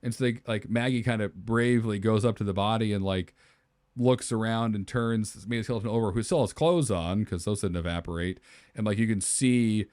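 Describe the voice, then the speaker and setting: Co-host type, a man with a low-leaning voice, animated storyteller, dry booth sound. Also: moderate pace, no echo. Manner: animated storyteller, acts out characters' lines. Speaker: podcast co-host. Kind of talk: casual brainstorming chat.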